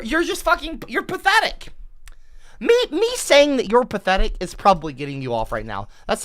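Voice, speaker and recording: Guy ranting on stream into a headset, goes from mumbling to yelling, super animated. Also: sits high, dry recording, clean studio sound. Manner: exasperated, swings from mumbling to shouting. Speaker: livestreamer. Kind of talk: livestream rant.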